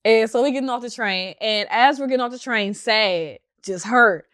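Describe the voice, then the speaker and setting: A young woman tells a story on her podcast in a casual, lively chat. She laughs easily and acts out what other people said, in a voice that sits a little high. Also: normal speed. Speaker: podcast host.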